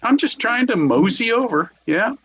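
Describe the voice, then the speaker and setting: A man's voice: extremely high pitch, expressive, moderate pace, a crowd in the background, poor audio. A man playing a tabletop role-playing game, describing his character in an easygoing way. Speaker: player.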